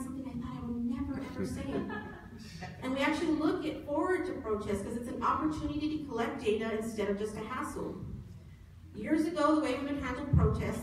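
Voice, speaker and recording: A woman giving a conference presentation in a conversational tone with self-deprecating humor. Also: fairly high pitch. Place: large conference hall. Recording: echoey hall, distant mic, faint noise.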